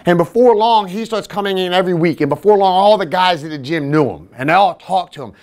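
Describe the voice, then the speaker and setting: This male fitness trainer and podcast host talks fast in a high-pitched voice. His casual, self-mocking story comes alive as he acts out everyone else's lines.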